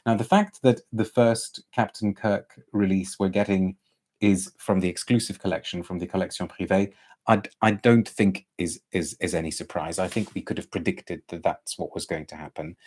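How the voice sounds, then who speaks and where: A man with a fairly low voice chats casually through a live stream. He reads out viewers' comments and trips over his words, restarting sentences as he thinks aloud. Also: fairly even intonation, normal speed, a little mellow. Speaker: perfume reviewer hosting a live stream.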